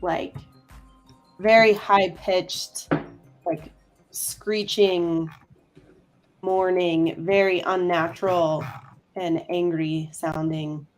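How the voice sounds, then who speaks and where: A woman runs a tabletop game as game master, talking slowly and hesitantly as she searches for her words and fills the gaps. Her pitch sits in a middle range, and faint music plays in the background. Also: steady tone. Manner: hesitant, many fillers.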